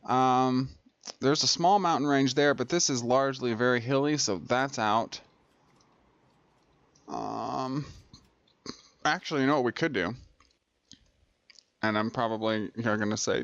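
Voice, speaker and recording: A man's voice: medium pitch, measured pace, pauses often, a bit bright, no echo, highs cut off. A man hosting a gameplay video, talking casually with lots of fillers and restarts as he thinks aloud. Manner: rambling, many fillers and restarts. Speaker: gaming video host. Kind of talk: casual let's-play commentary.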